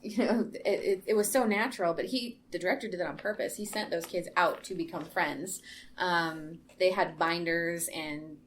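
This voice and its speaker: A woman hosting a casual movie discussion podcast, enthusiastic and quick to laugh. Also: fairly low pitch, fairly even intonation, a little hiss or hum. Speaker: podcast host.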